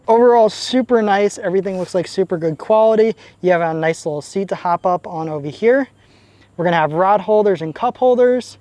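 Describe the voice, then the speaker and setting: A woman's voice: fairly low pitch, darkish tone, dry recording. A woman hosting a boating channel gives a casual walkthrough tour aboard a boat. She is upbeat and chatty, lists features one after another, and sounds slightly winded as she climbs around.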